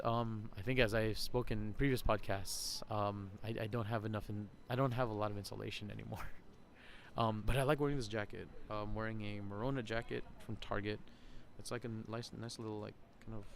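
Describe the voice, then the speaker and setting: Amid faint outdoor crowd ambience and slight background noise, a man with a low, gravelly voice hosts a podcast from an outdoor shopping center. At normal speed he rambles casually in vlog-monologue fashion, laughing frequently.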